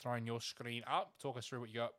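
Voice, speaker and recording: A man's voice: medium pitch, fairly quick, fairly bright tone, a little hiss or hum. A man co-hosting a fantasy football show, prompting and agreeing briefly in casual chat. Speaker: podcast co-host.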